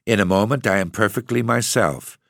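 A man's voice: on the low side, a little fast, vocal fry, fairly bright tone, no room sound. A languid, dreamy young noblewoman, weak and mysterious, put on by a man reading a storybook aloud. She murmurs drowsily and half-whispers. The reading sounds close and dry. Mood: drowsy. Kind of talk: audiobook reading.

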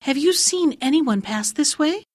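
A woman's voice: sits high, animated, measured pace, pitched above the performer's own voice. A woman voicing a wheedling female lamia, a hungry monster who coaxes and threatens. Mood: insistent. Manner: coaxing, then threatening.

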